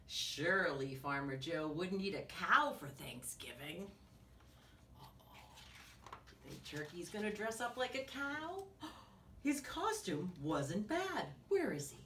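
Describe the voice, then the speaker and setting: A woman's voice: mid-range voice, a bit bright. A woman teacher reading a picture book aloud to young children, asking them questions and dropping into whispers. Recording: echoey room, distant mic, faint hiss.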